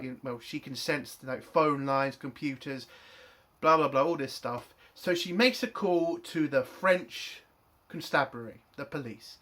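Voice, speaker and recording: A man's voice: mid-range voice, fairly bright tone. A man reviewing a TV episode in an angry, profane rant. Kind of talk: spoken TV review.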